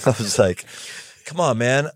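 A man's voice: mid-range voice, expressive, unhurried, dry recording, studio quality. A man hosting a casual conversation, easygoing and folksy in how he talks. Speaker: podcast host. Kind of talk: casual chat.

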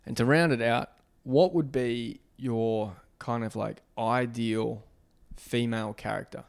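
Gravelly man hosting a podcast. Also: medium pitch, fairly even intonation. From Australia. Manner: halting, restarts phrases, many fillers. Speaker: podcast host. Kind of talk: casual interview chat.

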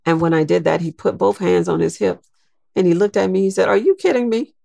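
An older woman, a guest in an interview, telling a personal story in a slow, reflective way. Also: fairly low pitch, steady tone, gravelly, dark tone, no room sound, studio quality.

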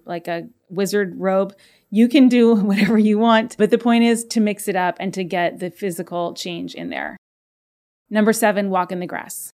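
A woman's voice: medium pitch, a little mellow. A woman hosting a self-help podcast as a coach, talking in an upbeat, playful way. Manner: upbeat, playful, acts out inner voices. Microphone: podcast microphone.

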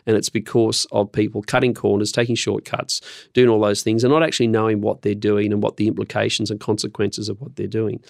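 A middle-aged man who gives interview answers in a measured, earnest way. His voice is low and gravelly, and he often pauses with an um. The recording is close and dry. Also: little pitch movement, a little mellow, no room sound. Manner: measured, earnest, with frequent ums. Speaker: podcast guest, industry program leader.

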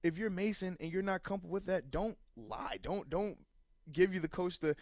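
A man's voice: high voice, brisk, a little mellow, no room sound, studio quality. Emphatic man, ex-player co-hosting sports radio. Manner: emphatic, plain-spoken, repeats for stress. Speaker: radio co-host and former football player. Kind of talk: sports talk radio analysis. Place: radio studio. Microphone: studio microphone.

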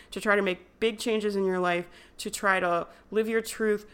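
A woman's voice: mid-range voice, fairly bright tone, clean tone. A young woman hosting a podcast, talking in an earnest, encouraging way, chatty and full of fillers. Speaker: podcast host. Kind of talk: casual motivational monologue.

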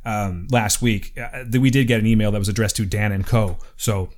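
A man's voice: fairly low pitch, steady tone, a little fast, darkish tone. Chatty man hosting a podcast. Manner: chatty, teasing, reads listener emails aloud. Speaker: podcast host. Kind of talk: casual chat.

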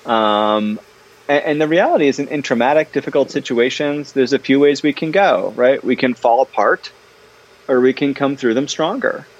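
A man guesting in a casual interview conversation, talking about his books in an animated, chatty way, full of fillers and restarts. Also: mid-range voice, moderate pace, dull audio. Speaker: guest, parenting author.

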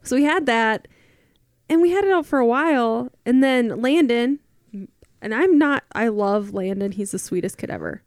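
A woman in her thirties tells a story on a podcast, slipping into the voices of the people involved. Her voice sits a little high, and it is recorded close and dry with no room sound. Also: moderate pace, dry recording. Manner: animated storyteller, acts out quotes. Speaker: podcast guest, mother. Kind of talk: casual chat, storytelling.

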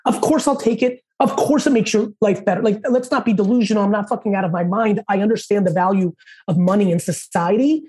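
Profane, mellow-voiced man telling hustle stories. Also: breathy edge. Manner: fast, profane, high-energy hustle talk. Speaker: podcast guest. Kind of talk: casual interview storytelling.

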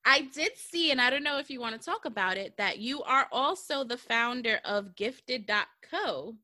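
A woman's voice: on the high side, expressive, moderate pace, bright, forceful tone, no room sound, studio quality. A woman in her thirties hosting a podcast, chatting casually and slangily about skincare, laughing often. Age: 30s. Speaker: podcast host. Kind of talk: casual chat.

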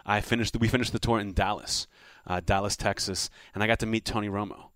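A man with a lowish voice tells a story at a quick clip. He is a comedian guest in a casual chat and acts out other people's lines as he goes. The sound is close and dry. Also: no echo. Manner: animated anecdote teller, acts out quotes.

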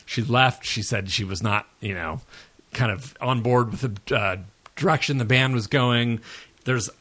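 A man's voice: medium pitch, unhurried, a bit bright. A man co-hosting a casual pop culture podcast, rambling and self-deprecating with lots of fillers, and jet-lagged. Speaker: podcast co-host.

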